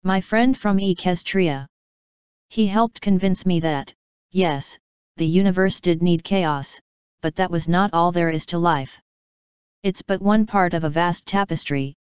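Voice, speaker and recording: A woman's voice: on the low side, unhurried, clear, resonant tone, no echo, muffled recording, close to an everyday voice. A woman voicing an earnest, reflective female being who is a living story, in a storybook reading. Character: sentient female story narrative, calm and wise.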